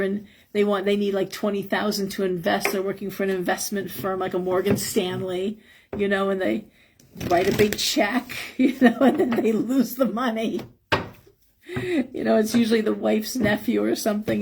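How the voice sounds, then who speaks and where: A hoarse woman giving a frank, advice-giving live tarot reading and chuckling now and then. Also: mid-range voice, noisy background. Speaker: tarot reader.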